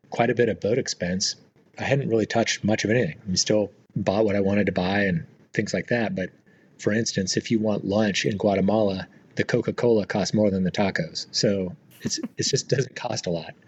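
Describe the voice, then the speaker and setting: Middle-aged guest, husky and low-voiced, easygoing storyteller on a dull lo-fi remote line. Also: male voice. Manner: relaxed, rambling, frequent fillers and restarts. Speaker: guest, retired Marine aviator. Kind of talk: casual storytelling interview.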